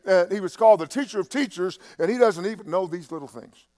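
A man preaching a sermon, halting and repeating himself in quieter stretches, building to loud, impassioned preaching. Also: sits high. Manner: halting, with many restarts and fillers.

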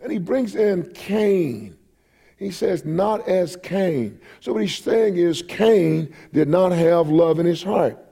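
A man's voice: high voice, slow pace, vocal fry, dark tone, husky. A man in his forties preaching a sermon while he has a cold, reading scripture aloud and repeating phrases for emphasis. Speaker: pastor.

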